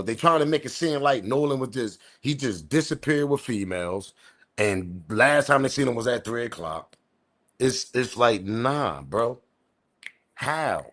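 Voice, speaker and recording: A man hosting a live-stream commentary show, talking in incredulous, argumentative street slang. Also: mid-range voice. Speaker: commentary channel host.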